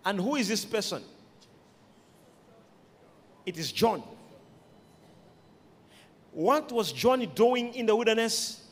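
Male preacher, high voice, slow unhurried delivery, long hall reverb. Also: very animated. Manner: emphatic preaching with sudden shouted peaks and quiet asides. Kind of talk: sermon.

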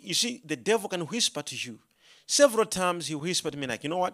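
A preacher with a fairly high, bright voice tells a quick, animated story in his sermon, his pitch constantly shifting. He moves between hushed low asides and loud emphatic proclamations, especially when quoting scripture, and acts out his own prayers along the way.

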